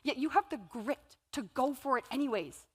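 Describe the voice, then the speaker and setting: A husky, high-sitting voice at a moderate pace belongs to this woman in her thirties giving a motivational keynote on stage. She tells stories, acting out her inner voices and quotes, as the large hall's long reverb lingers.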